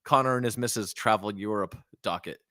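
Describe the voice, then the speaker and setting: A man's voice: on the low side, a little fast, pushed and bright, no room sound, studio quality. An American man co-hosting a casual football podcast, joking and ranting with animation. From United States. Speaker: podcast co-host. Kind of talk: casual chat.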